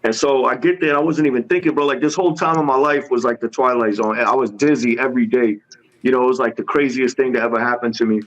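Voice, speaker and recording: A man guest telling a story with animated energy, using street slang and acting out each person's lines in voices. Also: medium pitch, fast, dull audio. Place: podcast studio.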